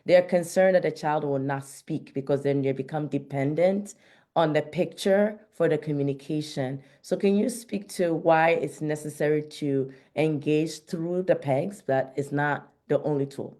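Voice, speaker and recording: Female webinar host, low and mellow, encouraging questioner. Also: measured pace. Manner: encouraging, asks follow-up questions. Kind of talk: hosting an online Q&A.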